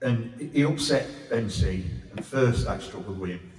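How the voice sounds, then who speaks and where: A middle-aged man doing stand-up in a pub, blunt and crude, with lots of swearing. His delivery swings up and down in pitch. The sound is roomy, with a long reverb, picked up from across the room. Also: lively intonation, unhurried, darkish tone, slight background noise. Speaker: stand-up comedian. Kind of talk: stand-up comedy set. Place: pub comedy room with a live audience. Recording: echoey pub room from far off.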